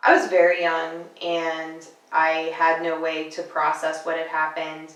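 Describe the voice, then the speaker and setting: A woman speaking quietly and in a measured way in a personal interview. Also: deep voice, monotone. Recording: echoey room.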